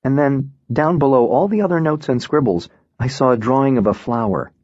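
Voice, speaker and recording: A man reading a first-person novel aloud in an even, reflective way. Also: medium pitch, brisk, husky, no room sound. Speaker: audiobook narrator. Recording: dull, dry lo-fi recording.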